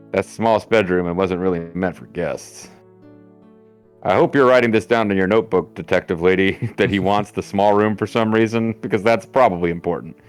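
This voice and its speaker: A man's voice: low-pitched, lightly acted. A man voicing a folksy male lodge keeper in a game, reading his lines with playful jokes thrown in. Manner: playful, jokey ad-libs. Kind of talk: reading game dialogue aloud in a put-on voice.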